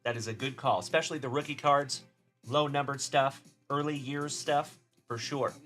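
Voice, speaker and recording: A man's voice: medium pitch, fairly even intonation, normal speed, faint music behind. Upbeat Texan man hosting a card stream. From Texas. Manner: upbeat, shouting out chat viewers by name. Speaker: card-breaking livestream host. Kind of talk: casual live-stream chatter.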